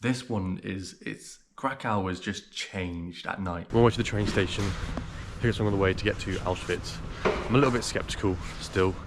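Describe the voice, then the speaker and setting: Young male travel vlogger, lowish voice, loose and rambling, street noise behind. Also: moderate pace. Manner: rambling, chatty, loose filler-heavy talk. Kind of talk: casual vlog to camera. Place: outdoors walking a city.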